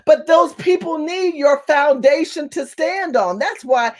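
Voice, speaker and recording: A high-pitched woman from California delivers a fiery political monologue as a community activist. She talks quickly and forcefully, hammering her points home by saying them again and again. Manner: fast-talking, forceful, repeats phrases for emphasis.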